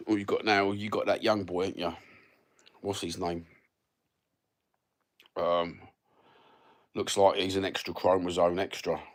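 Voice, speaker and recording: A man in his 50s livestreams and reads out viewer comments, his voice deep with little pitch movement, unhurried and full of long pauses. His chat is rambling, sweary and blokey, packed with fillers.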